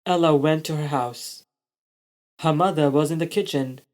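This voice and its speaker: A storyteller reading a child's story aloud in slow, deliberate narration. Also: mid-range voice, darkish tone.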